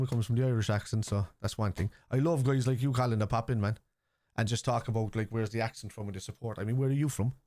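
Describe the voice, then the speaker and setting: A man with a Liverpool accent hosting a football watchalong stream, rambling and reading chat messages aloud, quick to scoff at critics. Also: medium pitch, darkish tone, no room sound, clean studio sound. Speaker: live-stream watchalong host. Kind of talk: casual live-stream chat.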